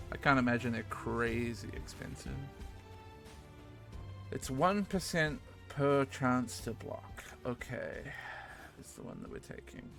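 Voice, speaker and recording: Gravelly New Zealand man streaming. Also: mid-range voice. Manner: rambling, swears casually, many fillers. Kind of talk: casual gaming stream chat. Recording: music playing behind the voice.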